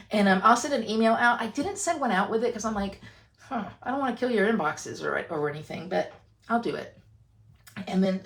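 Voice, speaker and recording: A woman's voice: mid-range voice, a bit bright. A woman from Canada hosting a casual crafting livestream from her home craft room, chatting with viewers about their comments, with many fillers and restarts. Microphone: phone camera.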